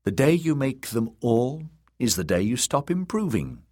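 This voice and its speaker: An eager young man pipes up with quick questions, voiced by a male narrator. The voice is pushed well above the reader's own low register, with a husky grain. He sounds curious and keen. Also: big pitch swings, a little mellow, no echo, studio quality.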